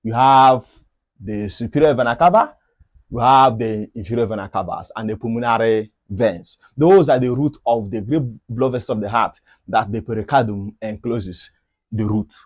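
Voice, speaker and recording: A man teaching anatomy in a mid-pitched voice. He repeats key phrases and poses rhetorical questions as he walks through diagrams. The recording is close and dry. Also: moderate pace, dry recording. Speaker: medical educator. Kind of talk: anatomy lecture over diagrams.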